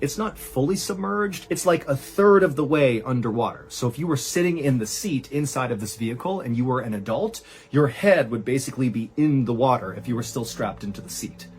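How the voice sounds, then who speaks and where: A man hosting a storytelling show, narrating a true horror tale in a conversational way, full of "and so" and "like", dropping low and quiet at grim moments. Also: brisk. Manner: animated, rises high for quoted cries; conversational, uses "like" and "and so". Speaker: storyteller host.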